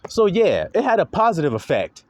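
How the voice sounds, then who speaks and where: A man's voice: sits high, huge pitch swings, a little fast, no echo. A man delivering an impassioned spoken monologue, preachy and blunt, swearing freely and slipping into mocking sarcasm. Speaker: online commentator; father.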